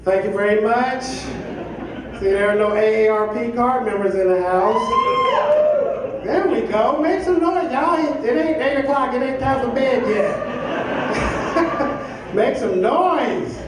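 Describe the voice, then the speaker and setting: A man's voice: very high-pitched, lively intonation, measured pace, long pauses, very noisy. A middle-aged man performing a live stand-up set, joking loosely and working the crowd. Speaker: stand-up comedian. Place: comedy club stage. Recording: echoey club from a distance. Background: audience laughter.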